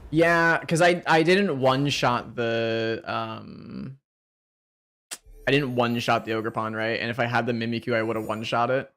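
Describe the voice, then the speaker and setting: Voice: mid-range voice, steady tone, moderate pace, a bit bright. A card game streamer in casual gaming commentary, swearing freely and picking apart their own misplays in rambling, restarting sentences.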